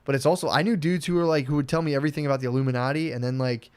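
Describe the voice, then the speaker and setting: A man co-hosting a podcast, rambling and swearing through animated casual chat. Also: on the high side, racing, clean tone, no room sound. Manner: rambling, profane, animated storytelling. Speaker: podcast co-host.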